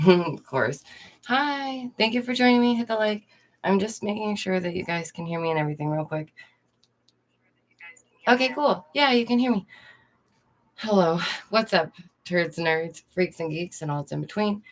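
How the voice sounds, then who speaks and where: A woman's voice: medium pitch, animated, normal speed, pauses often. A young woman, a streamer and art teacher, chatting casually to her viewers, laughing often and greeting them directly. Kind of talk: casual livestream chat. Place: indoors at home.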